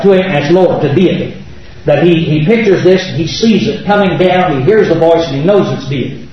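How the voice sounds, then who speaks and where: A man teaching a Bible study class, emphatic and full of rhetorical questions to his students, recorded in a classroom. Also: on the high side. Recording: muffled lo-fi, echoey room, far mic.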